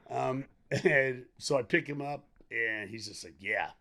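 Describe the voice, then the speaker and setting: A middle-aged man, a podcast guest, telling a candid story in a rambling, animated way, acting out the lines of the people in it. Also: medium pitch, measured pace, creaky. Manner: animated, rambling, acts out quoted dialogue, laughs often.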